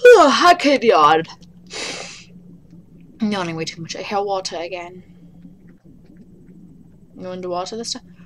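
A woman's voice: medium pitch, very animated, measured pace, pauses often, fairly bright tone. A woman hosting a horror game let's play. She reads the game's dialogue aloud, swears freely, and yelps when startled.

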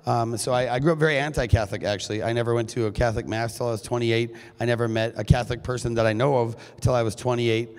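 A hoarse man in his forties from Minnesota giving a joking, chatty keynote talk on a stage microphone in a large school hall. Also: mid-range voice, steady tone, fast talker, hardly any pauses, darkish tone. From Duluth, Minnesota, USA. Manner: joking, chatty, with frequent fillers. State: hoarse, recovering from lost voice. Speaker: conference keynote speaker. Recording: long reverb of a large hall.

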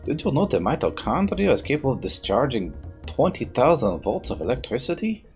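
A man's voice: mid-range voice, very animated, a little fast, darkish tone, faint music behind, voice pushed up. A man voicing an eccentric older male scientist with a put-on German-Russian accent, lecturing theatrically.

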